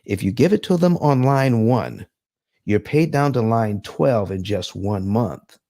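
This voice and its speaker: A man's voice: medium pitch, animated, a little slow, dark tone. A man hosting a live finance stream, talking emphatically in a preacher-like style with dramatic asides.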